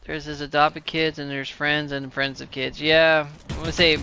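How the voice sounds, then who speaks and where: Guy rambling over his game, lots of laughing, bright slightly high voice. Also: fairly even intonation, moderate pace, creaky, hardly any pauses. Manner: rambling, laughing often, self-mocking. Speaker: gamer. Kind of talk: casual gameplay commentary.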